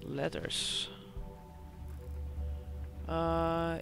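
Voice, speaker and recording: A man's voice: a little high, unhurried, fairly bright tone, faint music behind. A Greek man giving casual, joking commentary over a game and reading letters aloud. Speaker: gameplay commentator. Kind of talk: casual let's-play commentary.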